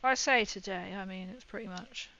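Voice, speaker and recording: A woman rambles and chats casually, laughing often, while building a model kit on a livestream. Her mid-range voice has a sharp tone and moderate pace, and the stream audio is dull and lo-fi.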